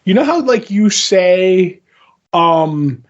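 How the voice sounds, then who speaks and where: A man co-hosting a podcast in casual chat, telling an animated story with swearing and acted-out quotes. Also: high-pitched, takes it slowly, highs cut off. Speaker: podcast co-host.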